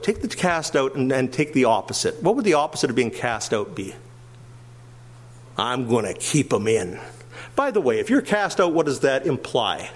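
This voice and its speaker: An older man delivering a sermon with a fairly high-pitched voice. He preaches with animation, rising into emphatic bursts and dropping into soft, quiet asides. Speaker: pastor.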